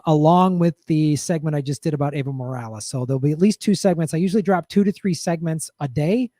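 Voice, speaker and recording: A man's voice: fairly high pitch, darkish tone, dry recording, studio quality. A middle-aged man hosting a livestream comedy show in a loose, chatty way, thanking viewers by name. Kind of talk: casual livestream sign-off.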